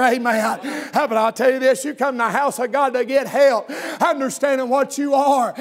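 A man preaching a revival sermon, hollering in a sing-song cadence and punctuating his lines with amens. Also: very high voice.

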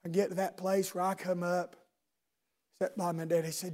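A man preaching a sermon in a church service, swinging from loud shouting to low intimate speech and firing rhetorical questions at listeners by name. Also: flat delivery, moderate pace.

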